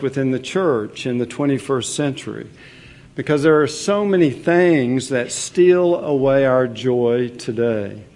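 Slow, earnest pastor preaching a sermon. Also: male voice, medium pitch, a little mellow. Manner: measured, earnest preaching with occasional fillers.

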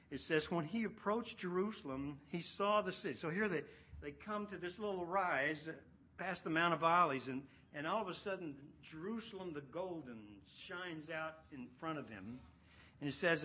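A man preaching an expository sermon, animated, acting out voices and swinging from loud to hushed. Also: medium pitch, a little hiss or hum.

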